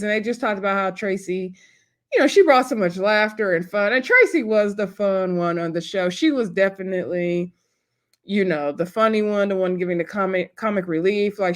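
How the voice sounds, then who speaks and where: A woman talks through a reality show episode from home in a casual, chatty review. Her delivery is conversational and loose, full of fillers and animated asides. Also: mid-range voice, normal speed.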